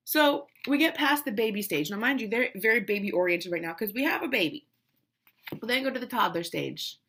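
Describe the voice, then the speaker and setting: Her voice is husky and mid-range, and she talks briskly. A mother in her thirties, she tells a family story casually and emotionally, animated, frequently restarting and quoting voices.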